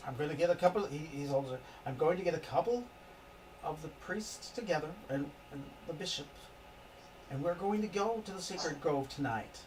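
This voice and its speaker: A man's voice: on the high side, expressive, moderate pace, natural voice. A man voicing a grave devout village father and husband, recorded from a distant mic with background noise. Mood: solemn.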